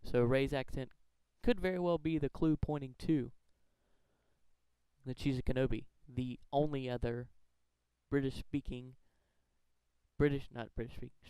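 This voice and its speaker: A man's voice: mid-range voice, steady tone, moderate pace, warm tone, clear, resonant tone, dry recording, low-quality recording. A man earnestly talking through a fan theory countdown, rambling and correcting himself as he goes. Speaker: fan theory video maker. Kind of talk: casual countdown commentary.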